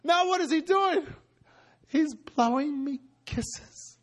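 A man voicing a frightened, awestruck teenage girl in an orphanage, speaking in a high, tearful, breathless voice. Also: fairly even intonation, moderate pace.

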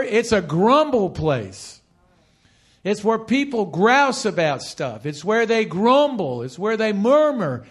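A man delivers a sermon from the pulpit with a high, animated voice full of swooping pitch. He leads the congregation in repeating phrases. He presses each point home by saying it again and again. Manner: animated preaching with call-and-response. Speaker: pastor.

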